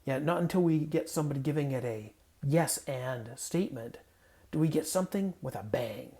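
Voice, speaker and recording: Male pastor, medium pitch, mellow tone; conversational, playful sermon with self-corrections. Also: moderate pace. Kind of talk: casual sermon with scripture reading. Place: home guest room.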